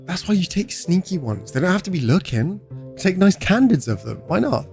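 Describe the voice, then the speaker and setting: Young british man, game streamer, chatty, jokey, slightly high voice. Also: very animated, normal speed, creaky, a little mellow, soft background music. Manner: chatty, answers chat aloud, joking. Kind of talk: casual livestream chat.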